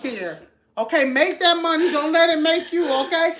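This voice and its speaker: A middle-aged woman, a mother, chatting casually and telling animated stories, laughing as she acts out what people said. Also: very high voice, moderate pace. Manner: animated, laughing storyteller who acts out quotes. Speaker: mother of the host, salon co-owner. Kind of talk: casual storytelling chat.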